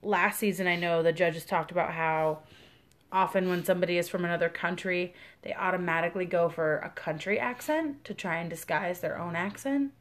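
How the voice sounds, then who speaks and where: A young woman from the American Midwest, with a Midwestern accent and a voice on the low side, speaks fairly quickly. As a podcast co-host she chats casually and enthusiastically, using plenty of fillers.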